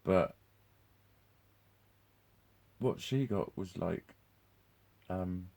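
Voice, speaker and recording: Male vlogger with a deep, warm voice, loose and profane, breaks into laughs. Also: very slow, creaky. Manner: swears constantly, laughs often, restarts sentences. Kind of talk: rambling live monologue.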